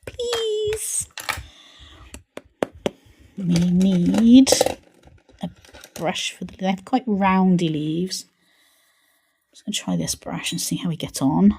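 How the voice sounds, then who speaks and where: A woman hosting a live painting stream, chatting playfully to herself as she works and sometimes dropping to a soft mutter. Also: lowish voice, fairly even intonation, unhurried, gravelly, pauses often, breathy edge. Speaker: art channel host.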